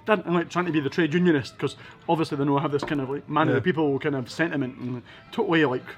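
A Scottish man from Edinburgh, a podcast guest telling animated anecdotes with wry asides. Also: fairly high pitch, rapid-fire, faint music behind. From Scotland, Edinburgh. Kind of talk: casual storytelling interview.

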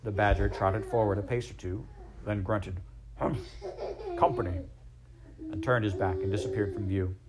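A man narrating a classic storybook aloud in a gentle, measured, expressive way. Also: fairly low pitch, heavy background noise.

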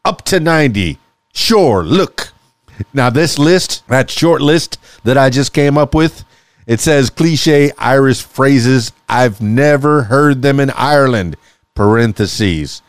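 A man's voice: mid-range voice, slow, no room sound. A man hosting a casual solo podcast, upbeat and chatty, laughing often. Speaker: podcast host. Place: small radio studio.

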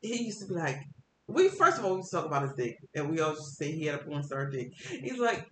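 A woman's voice: big pitch swings, fast. A woman talking bluntly and crudely in a casual podcast chat, joking and telling stories. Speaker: podcast guest. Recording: echoey room with faint rumble.

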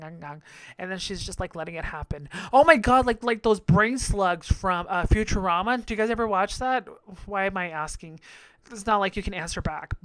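A man's voice: high voice, a bit bright, no echo. A man hosting a podcast, recapping a reality show in a brash, profane, gossipy way with frequent laughter. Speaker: podcast host.

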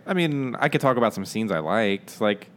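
A man's voice: fairly low pitch, expressive, moderate pace, fairly bright tone, a little hiss or hum. Laid-back, slangy man in his thirties. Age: 30s. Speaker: podcast co-host. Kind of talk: casual chat.

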